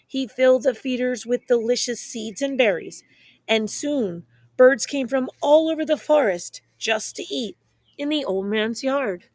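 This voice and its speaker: A woman reading a children's picture book aloud in a playful, expressive way, speaking straight to young listeners. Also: fairly high pitch, unhurried, dry recording. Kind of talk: children's story read-aloud.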